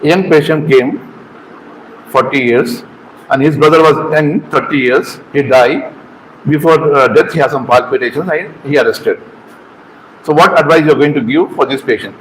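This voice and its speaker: A middle-aged man, a medical exam trainer, giving an informal lecture to students, talking in halting phrases, repeating words and asking the room questions. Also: on the high side, slight background noise, rough recording.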